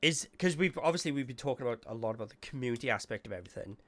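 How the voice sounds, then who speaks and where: A man's voice: medium pitch, animated, racing, a bit bright. A man hosting a casual panel chat, talking in a chatty, meandering way and correcting himself as he goes.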